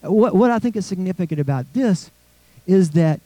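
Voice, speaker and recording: Man preaching, mellow and dry. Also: high-pitched, expressive, normal speed, dry recording, low-quality recording. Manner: conversational preaching, asks the congregation questions. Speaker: pastor. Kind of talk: sermon.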